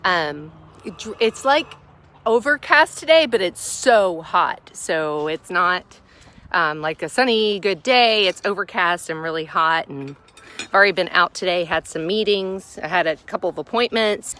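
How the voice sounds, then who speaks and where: A woman's voice: lowish voice, expressive, unhurried. A chatty, cheerful woman, vlogging outdoors by her chicken coop. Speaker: homesteading vlogger. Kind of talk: casual vlog chat. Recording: loud outdoor noise behind.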